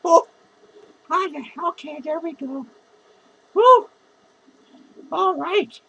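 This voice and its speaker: A shrill drunk clown. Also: male voice, drawn-out words, creaky, long pauses, a bit bright, a little hiss or hum, full character voice, low-quality recording. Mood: drunk rambling. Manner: slurred, rambling, profane, giggling. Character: drunk, rambling, self-pitying male clown. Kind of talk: comedic character monologue.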